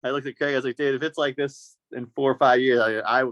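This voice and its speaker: A man hosting a podcast, telling a story in a casual, animated way and acting out the voices of the people in it. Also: medium pitch, quick pace, dry recording, muffled recording. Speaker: podcast host.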